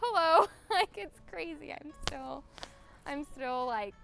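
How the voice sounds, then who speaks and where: A woman's voice: high voice, expressive, slow, vocal fry, over music. Bubbly young woman, giggling. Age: young adult. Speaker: bride-to-be. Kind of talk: wedding video interview.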